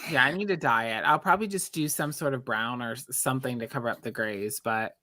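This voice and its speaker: A man's voice: mid-range voice, quick pace, pushed and bright, dry recording. A man co-hosting a casual live-stream chat over a video call, full of bawdy joking banter.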